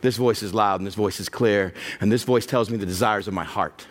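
A middle-aged male pastor preaching a sermon, acting out the inner voices he hears and building to a loud, passionate close. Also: lowish voice, fairly quick.

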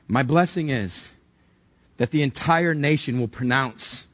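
A man preaching a sermon in a conversational manner. His middle-pitched voice leans into each point and turns often to direct questions for his listeners. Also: measured pace, a bit bright. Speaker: pastor.

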